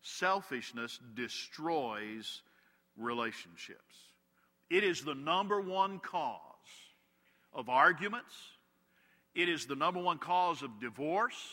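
A pastor delivers a sermon, a man whose slightly high voice comes through sharp and forceful. He teaches through funny everyday anecdotes. His words ring out with a long reverberant tail from a large church hall. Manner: storytelling with humorous anecdotes.

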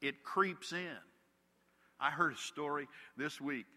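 A pastor delivers a sermon, a man whose slightly high voice comes through sharp and forceful. He teaches through funny everyday anecdotes. His words ring out with a long reverberant tail from a large church hall. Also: takes it slowly. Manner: storytelling with humorous anecdotes.

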